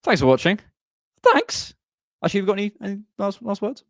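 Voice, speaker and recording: A man's voice: sits high, very animated, quick pace, no room sound, studio quality. A man hosting a live podcast, out of breath and bantering in a joking, chatty way. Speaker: podcast host. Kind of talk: casual live podcast chat.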